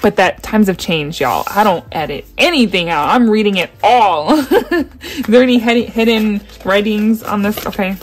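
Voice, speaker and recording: A young woman vlogger chatting excitedly through an unboxing. She gasps often and keeps saying how much she loves each item. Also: medium pitch, moderate pace. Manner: gushing, gasping, repeats "oh my gosh".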